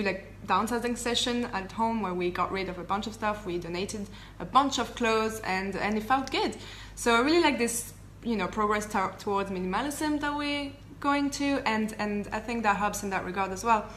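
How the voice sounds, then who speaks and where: A woman's voice: mid-range voice, normal speed, fairly bright tone. A woman co-hosting a casual travel Q&A, chatty and giggly, with lots of fillers and restarts. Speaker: travel vlogger co-host. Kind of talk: casual live Q&A chat. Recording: faint background noise.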